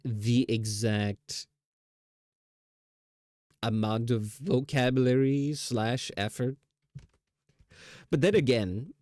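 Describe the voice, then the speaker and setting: A man's voice: medium pitch, a little mellow, dry recording, clean studio sound. A man streaming live, chatting casually in a rambling, self-teasing way with laughs.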